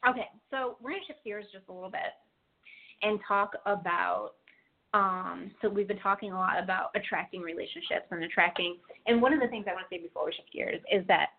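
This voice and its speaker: Woman co-host, chatty storyteller, talks fast, thin phone-line sound. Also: mid-range voice, vocal fry. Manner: chatty storyteller, many fillers. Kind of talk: casual chat.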